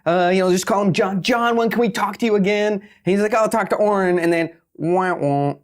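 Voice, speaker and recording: A middle-aged man, a guest on an interview podcast, telling stories in an animated, joking way with quick asides. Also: high-pitched. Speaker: guest, pitch expert.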